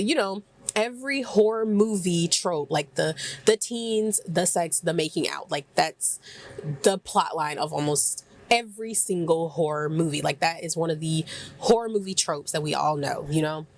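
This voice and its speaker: A young woman in casual chat, recapping a horror show, chatty and full of fillers, acting out characters' lines. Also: lowish voice. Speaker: recap vlogger.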